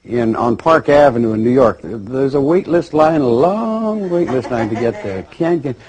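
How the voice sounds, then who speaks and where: A man voicing a brisk male cosmic dispatcher who arranges births, with fast, businesslike salesman patter. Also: mid-range voice, lively intonation, darkish tone, slightly rough, voice pushed up.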